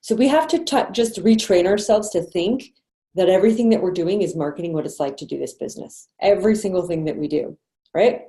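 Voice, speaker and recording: Woman sales trainer, chatty and encouraging, mellow low voice, echoey room on a video call. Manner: chatty, encouraging, quick asides and laughs. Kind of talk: online sales training meeting.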